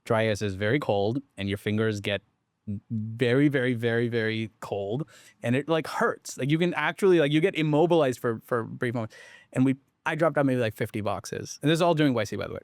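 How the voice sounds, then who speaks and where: A man founder telling a story in casual conversation, rambling and animated with lots of fillers, restarts and the odd swear. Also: mid-range voice, brisk, no echo, clean studio sound. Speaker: startup founder.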